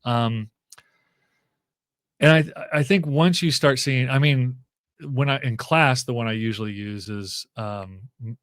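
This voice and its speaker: A man's voice: mid-range voice, a little slow, long pauses, fairly bright tone, clean tone, dry recording, studio quality. A man speaking as a guest professor in a casual interview, thinking aloud with frequent fillers and restarts.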